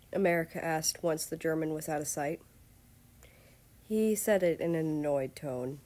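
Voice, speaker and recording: Woman with a low, mellow narrating voice. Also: moderate pace. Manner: steady storytelling narration. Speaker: fanfiction reader. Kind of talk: reading fan fiction aloud.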